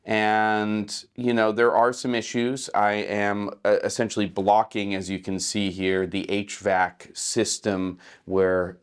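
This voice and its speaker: Male host, low, smooth voice, relaxed how-to chat, slightly rough morning voice, small hotel room. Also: measured pace, few pauses. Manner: relaxed, conversational, many fillers. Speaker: filmmaker host. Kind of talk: casual how-to explanation.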